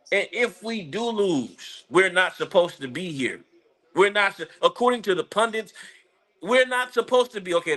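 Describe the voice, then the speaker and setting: A man ranting casually about a basketball game as a fan, rambling and excitable, breaking into high laughing outbursts. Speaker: sports fan commentator. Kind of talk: casual live game-watching rant.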